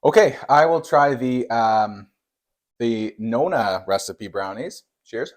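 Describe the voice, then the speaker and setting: A man's voice: mid-range voice, lively intonation, slow. A young man, playfully judging baked goods on camera in a mock-serious way, with lots of fillers. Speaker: taste-test judge. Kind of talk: casual on-camera food review.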